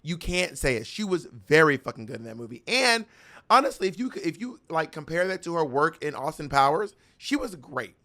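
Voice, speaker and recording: Emphatic higher-voiced man, podcast co-host. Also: a little fast. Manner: emphatic, animated storyteller. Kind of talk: casual chat. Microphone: podcast mic on video call.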